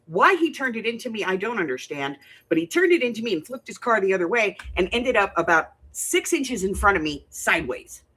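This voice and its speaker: A woman's voice: medium pitch, fairly quick, hardly any pauses, husky. A middle-aged woman hosting a crafting livestream, chatting to viewers and telling stories, laughing often. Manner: chatty, animated storyteller, laughs often, greets viewers by name. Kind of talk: casual chat to live viewers.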